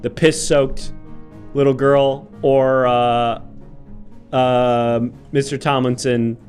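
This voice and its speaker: Brisk mock-formal host as a judge. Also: male voice, mid-range voice, little pitch movement, darkish tone, soft background music. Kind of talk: improv comedy livestream.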